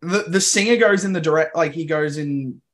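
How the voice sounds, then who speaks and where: A man chatting as a podcast guest, his voice somewhat high. He laughs often and trips over the starts of his sentences. His talk comes in quick, loose bursts. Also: fairly bright tone. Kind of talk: casual podcast chat.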